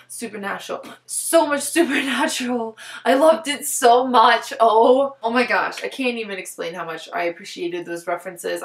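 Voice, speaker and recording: A woman giving a casual book review at home, excitable and rambling, with lots of "like" fillers. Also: on the high side, reverberant. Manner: excitable and rambling, heavy use of "like". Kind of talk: casual book talk vlog. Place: top-floor apartment at home.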